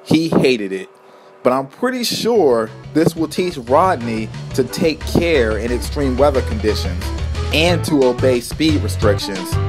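A man's voice: mid-range voice, lively intonation, unhurried, over music. A man narrating a homemade storybook tale in a plain, earnest reading voice.

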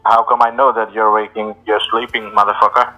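A man's voice: on the low side, flat delivery, a little fast, pushed and bright, highs cut off. Blunt, swearing Indian-accented man. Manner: blunt and combative, swears back at the caller. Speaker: scam caller. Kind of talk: scam phone call.

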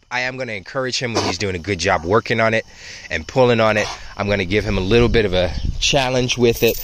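A man teaching dog training outdoors, explaining in a relaxed way with frequent ums and restarts. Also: fairly low pitch, a little fast, slight background noise. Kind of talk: casual outdoor instruction.

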